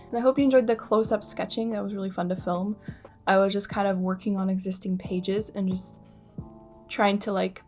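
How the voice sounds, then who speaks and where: A young woman with a Canadian accent, chatting casually about art supplies in a rambling vlog, with many fillers. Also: medium pitch. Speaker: art vlogger. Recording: faint music behind voice.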